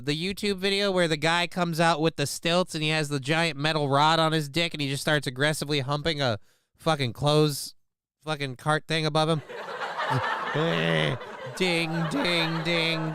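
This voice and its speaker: A man's voice: on the high side, bright, forceful tone, clear, resonant tone. A man hosting a stream, reading out a news story and reacting to it with rambling, profane jokes. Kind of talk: casual crude reaction commentary.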